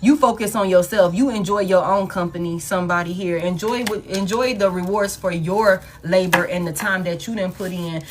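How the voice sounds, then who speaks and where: A woman's voice: mid-range voice, normal speed, background noise. A woman giving a collective love tarot reading in a blunt, profane and emphatic way, repeating phrases for emphasis. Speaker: tarot reader.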